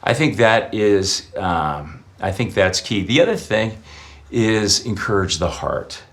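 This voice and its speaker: Man, very low voice, middle-aged, interview guest, reflective, anecdotal. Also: expressive, takes it slowly, fairly bright tone. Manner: reflective, tells personal anecdotes. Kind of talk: conversational interview answers.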